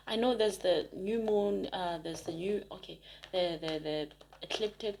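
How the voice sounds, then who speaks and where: A woman's voice: medium pitch, moderate pace, a little mellow, slight background noise. A woman giving a casual spoken tarot reading to her viewers, chatty and emphatic, rambling with frequent restarts. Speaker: tarot reader.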